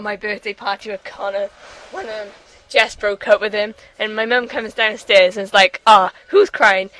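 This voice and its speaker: A woman's voice: fairly high pitch, bright, forceful tone, dry recording, poor audio. A young woman chatting with friends, giggling as she tells a party story. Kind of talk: casual chat among friends.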